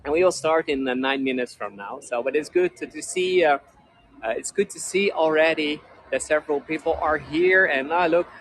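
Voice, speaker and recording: A man's voice: on the high side, normal speed, a bit bright. A Dutch man with a Dutch accent guiding a live-streamed walking tour outdoors, talking in a chatty, friendly way with many restarts. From Netherlands. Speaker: tour guide. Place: street outdoors in a cold town.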